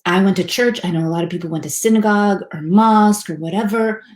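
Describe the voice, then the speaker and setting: A woman's voice: mid-range voice, quick pace, darkish tone. A woman from the United States, speaking casually to a group about happiness in a chatty, self-deprecating way, with restarts and fillers. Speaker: speaker teaching a class on happiness. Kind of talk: casual talk to a live audience. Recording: echoey room.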